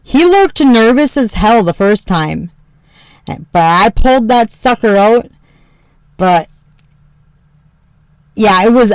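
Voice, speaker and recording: Frank, joking woman host with a dry sound. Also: no room sound. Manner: frank, joking, swears freely, laughs often; mimics her husband in a lower voice. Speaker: podcast host. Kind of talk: candid personal storytelling.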